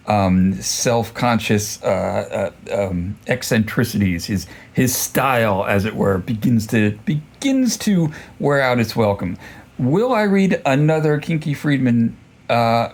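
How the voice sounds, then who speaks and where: A man's voice: medium pitch, animated, a little slow. Rambling man reviewing a book. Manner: rambling, self-deprecating, many fillers and restarts.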